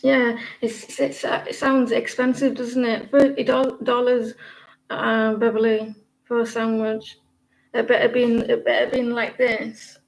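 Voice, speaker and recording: Gravelly British woman chatting to viewers. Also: a little high, little pitch movement, unhurried, low-quality recording. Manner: chatty, rambling, many fillers and restarts. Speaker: tarot livestream host. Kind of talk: casual livestream chat with viewers.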